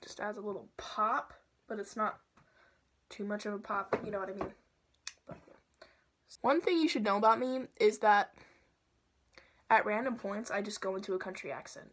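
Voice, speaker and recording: A young woman chatting casually and playfully through a makeup tutorial at home, sometimes dropping to soft asides. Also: mid-range voice, moderate pace, long pauses. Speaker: makeup vlogger.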